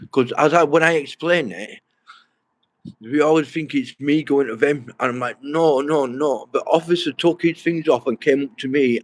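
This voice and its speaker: A young man with a mid-range voice rambles and swears a lot while talking straight to his livestream viewers. The recording is rough, with no echo.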